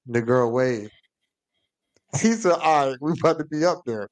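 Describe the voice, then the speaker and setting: Animated man telling a funny story. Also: normal speed. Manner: animated, acts out quoted voices with big pitch jumps. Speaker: podcast host. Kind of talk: casual storytelling.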